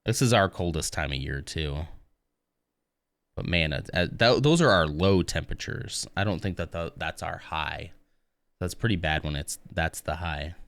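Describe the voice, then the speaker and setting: A man's voice: low-pitched, animated, normal speed, vocal fry, a bit bright, dry recording, clean studio sound. A man chatting casually on a live stream while building a model kit, rambling and muttering to himself as he works.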